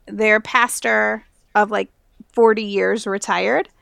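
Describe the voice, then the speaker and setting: A woman's voice: medium pitch, fairly even intonation, takes it slowly, creaky, fairly bright tone, dry recording, studio quality. A young woman from the United States, a pastor, telling her story in a chatty podcast interview with lots of fillers and laughter. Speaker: guest pastor.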